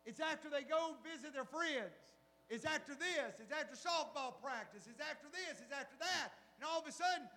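A middle-aged pastor delivers a sermon in a voice very high for a man, at a moderate pace. He is animated and fires rhetorical questions at his listeners, his words ringing out with a long hall reverb.

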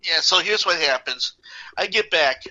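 Bright-voiced man telling a lively story. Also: on the high side, measured pace, highs cut off. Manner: animated, acts out the characters. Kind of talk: casual anecdote.

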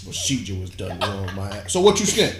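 Opinionated guy firing off hot takes fast, bit high, room echo. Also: very animated. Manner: opinionated, sarcastic, swearing. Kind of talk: casual sports banter. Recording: echoey room with crowd noise.

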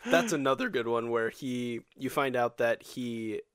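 A man's voice: medium pitch, sing-song, a little slow, fairly bright tone, clear, resonant tone, no room sound, clean studio sound. A young man co-hosting a casual podcast chat, teasing his partner and laughing a lot. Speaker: podcast co-host.

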